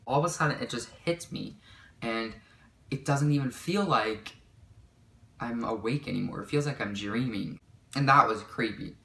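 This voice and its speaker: A woman's voice: a bass voice, moderate pace, fairly bright tone. A young woman vlogger telling a rambling storytime, with constant "like" fillers. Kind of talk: storytime vlog. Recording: echoey room.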